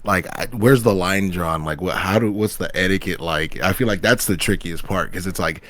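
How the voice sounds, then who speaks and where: A man's voice: sits low, moderate pace, a bit bright. A man co-hosting a podcast, chatting in a laid-back, slangy way and musing aloud with lots of fillers. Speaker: podcast co-host. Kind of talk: casual podcast chat.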